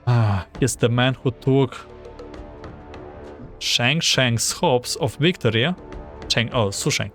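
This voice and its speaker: A man's voice: medium pitch, animated, slow pace, long pauses, fairly bright tone, faint music behind. A man streaming a game, reading the dialogue aloud and reacting with anxious groans between lines.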